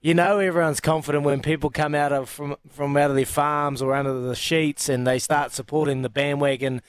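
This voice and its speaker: A man's voice: on the high side, steady tone, a little fast, clear, resonant tone, no echo. A man from New Zealand with a New Zealand accent, a former rugby player chatting casually as a radio guest, enthusiastic and often restarting his sentences. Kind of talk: casual sports radio chat.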